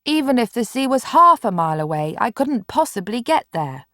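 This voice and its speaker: A woman's voice: fairly high pitch, big pitch swings, normal speed, fairly bright tone, dry recording, studio quality. A woman reading an audiobook, voicing a bedridden boy who is curt, impatient and grudging. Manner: curt, exasperated.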